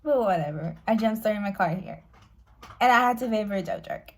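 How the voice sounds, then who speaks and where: A woman's voice: medium pitch, lively intonation, brisk. A young woman telling a personal story in a rambling, stressed way, often swearing and apologizing. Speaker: vlogger.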